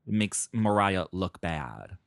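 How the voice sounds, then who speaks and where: Animated, indignant podcast co-host man. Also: low voice, takes it slowly, gravelly, no echo, studio quality. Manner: animated and indignant, laughs often. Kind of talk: casual chat.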